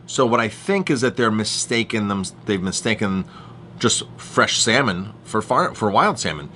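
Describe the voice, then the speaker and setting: A man's voice: lowish voice, expressive, moderate pace, sharp tone, a little hiss or hum. A middle-aged man, a chef, talking straight to the camera with emphatic, repetitive ranting as he warns viewers about food fraud. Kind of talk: direct-to-camera consumer warning.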